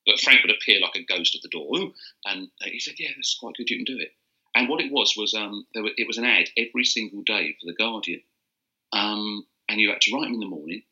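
In a relaxed interview, an older man who writes ad copy spins meandering stories, restarting and chuckling as he goes. He speaks quickly with a fairly low, sharp voice, and the high frequencies are cut off.

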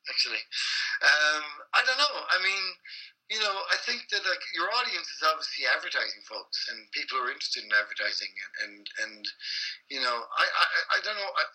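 A man chats as a podcast guest, his voice very bright and forward. He rambles through stories with lots of restarts and cheerfully mocks himself, swearing now and then. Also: on the high side, expressive, brisk, low-quality recording. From Ireland. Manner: rambling, self-deprecating, swears freely, many restarts. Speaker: podcast guest, advertising copywriter. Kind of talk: casual interview chat.

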